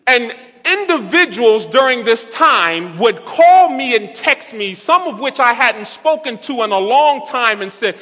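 Young male preacher, lively story-driven sermon, crisp bright tone, reverberant hall sound. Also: very high-pitched, measured pace, hardly any pauses. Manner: animated, quotes others in softened voices.

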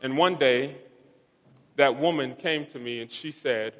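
A young man preaching a sermon, telling a personal story with animated delivery and quoting others in softer voices. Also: medium pitch, a little slow. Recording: long hall reverb.

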